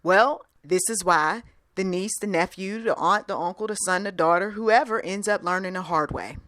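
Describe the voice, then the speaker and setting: A woman's voice: mid-range voice, normal speed, fairly bright tone, dry recording, studio quality. A woman giving a casual spoken sermon with a conversational, plainspoken manner who repeats phrases for emphasis. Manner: conversational, acts out bits of dialogue. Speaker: faith-based speaker.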